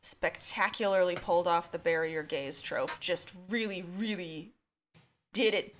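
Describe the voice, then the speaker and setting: A woman's voice: lowish voice, a little slow, a little hiss or hum. A woman in her twenties co-hosting a podcast who talks at length in a wry, sarcastic way and wanders onto side thoughts. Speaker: podcast co-host. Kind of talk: casual podcast chat.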